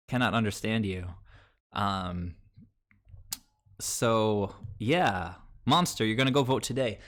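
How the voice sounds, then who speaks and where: Here a Long Island, New York man rambles through a casual chat with his stream audience, padding pauses with um and like. His voice is lowish and a bit bright, at a moderate pace.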